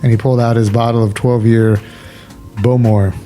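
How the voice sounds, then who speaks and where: A man's voice: medium pitch, flat delivery, normal speed, warm tone, soft background music. A man co-hosting a podcast in casual chat, laughing often and rambling with restarts. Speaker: podcast co-host.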